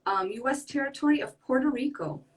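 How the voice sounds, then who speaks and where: A woman's voice: sits high, fairly quick. A woman in her twenties from the United States, a podcast guest talking earnestly and rambling a little, with many fillers. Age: 20s. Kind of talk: casual interview talk. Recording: voice from far off the mic.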